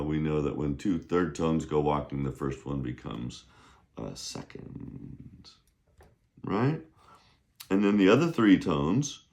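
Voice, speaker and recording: A man's voice: extremely low pitch, a little mellow. A middle-aged man teaching a casual video lesson on Chinese, chatty and rambling, often checking in with "right?".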